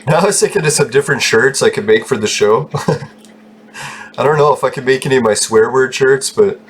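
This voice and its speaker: Brief: male gaming host, mid-pitched, chuckling, foul-mouthed rambling, faint hiss behind. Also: moderate pace, fairly bright tone. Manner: laughs often, swears freely, rambling. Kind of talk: casual gameplay commentary.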